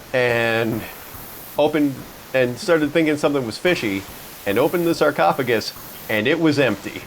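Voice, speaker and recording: A man hosting a podcast, telling stories in a relaxed, joking way and poking fun at himself. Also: mid-range voice, a little hiss or hum, low-quality recording. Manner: chatty storyteller, jokes about himself. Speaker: podcast host. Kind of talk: casual chat.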